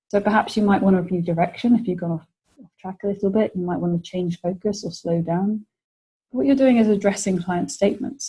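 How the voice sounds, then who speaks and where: British woman, webinar lecture, mellow husky voice, explanatory. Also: mid-range voice, low-quality recording. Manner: explanatory, models example phrases for clients. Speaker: webinar presenter.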